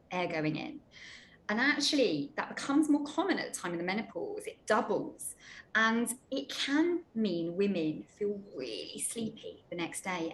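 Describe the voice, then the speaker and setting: Lady doctor, calm clear explainer, faint rumble in the background. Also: rough recording. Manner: clear, reassuring explainer with some restarts. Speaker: menopause doctor. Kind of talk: explaining to a panel.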